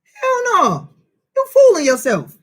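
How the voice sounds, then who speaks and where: A man's voice: very high voice, wildly swooping pitch, takes it slowly. A man teaching a Bible study in informal preaching style, emphatic and full of rhetorical questions and street slang.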